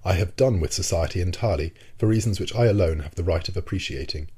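A man voicing a proud, stern male submarine commander who speaks in a calm, penetrating, measured way. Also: low-pitched, husky. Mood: stern, disdainful.

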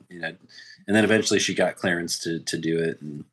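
A man's voice: low voice, fairly even intonation, normal speed, fairly bright tone, slightly rough. A man chatting on a podcast, laid-back, saying "like" a lot as he talks. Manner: laid-back, heavy use of "like". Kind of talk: casual chat.

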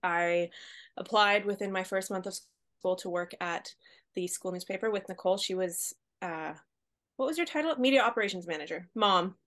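A woman co-hosting a podcast, telling her story in a relaxed way and laughing easily. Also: medium pitch, normal speed. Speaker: podcast co-host. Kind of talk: casual podcast chat.

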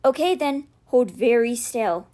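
Woman doing a jittery earnest teen boy, kinda high, talks in eager bursts. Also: lively intonation, measured pace, warm tone. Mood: nervous.

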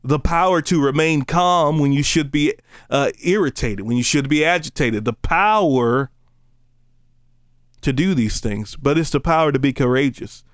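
Animated young-sounding male preacher. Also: fairly high pitch, smooth, no room sound, studio quality. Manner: conversational and animated, joking asides, slow emphatic scripture reading. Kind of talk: casual sermon.

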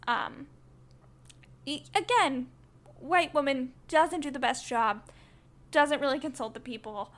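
A woman's voice: fairly high pitch, a bit bright. A woman co-hosting a podcast in casual discussion, talking in an earnest, opinionated way with frequent "like" fillers. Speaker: podcast co-host.

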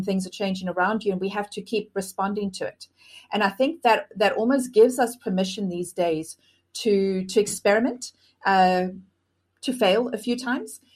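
A woman guest on a podcast, talking thoughtfully and with enthusiasm, using many fillers. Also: mid-range voice. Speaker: futurist guest. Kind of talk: conversational interview.

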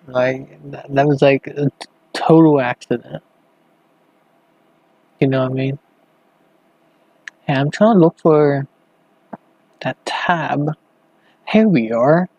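A man's voice: medium pitch, a little mellow, no room sound, lo-fi sound. Rambling man hosting a late-night podcast. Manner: rambling and halting, thinking aloud while browsing. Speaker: podcast host. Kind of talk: casual late-night solo podcast talk.

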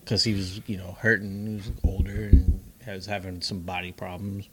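Easygoing man with a lowish voice. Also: flat delivery, moderate pace, background noise. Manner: easygoing, amused, chiming in. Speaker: podcast co-host. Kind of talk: casual chat over beers.

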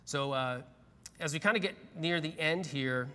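A man's voice: fairly high pitch, moderate pace, sharp tone. A middle-aged man, a pastor, telling a personal story in a conversational sermon, with frequent asides to the congregation. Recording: long hall reverb.

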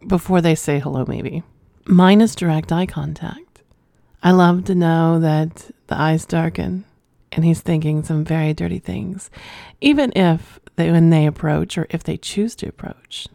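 A woman's voice: gravelly, dark tone, no echo, clean studio sound. A woman hosting a flirty adult podcast, teasing and sultry, laughing often as she talks. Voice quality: low sultry voice. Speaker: podcast host.

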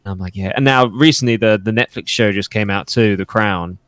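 A man from England with an English accent softened by years in the US, chatting casually about his podcast and fitness work, laughing often and acting out what others say. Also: fairly low pitch, brisk, no echo. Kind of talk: casual chat.

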